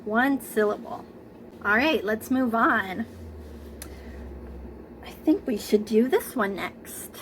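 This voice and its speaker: A woman teaching a preschool class, speaking gently and encouragingly, stretching out words for the children to clap along. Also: on the high side, lively intonation, slow, long pauses, a little hiss or hum, poor audio. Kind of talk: slow, sing-song lesson for young children.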